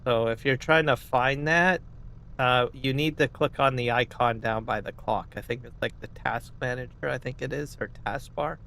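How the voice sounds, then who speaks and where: Man, gaming streamer, loose rambling chat with lots of "right?" and throat clearing, mid-pitched everyday voice. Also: moderate pace, a bit bright, a little hiss or hum. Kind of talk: casual live-stream chat.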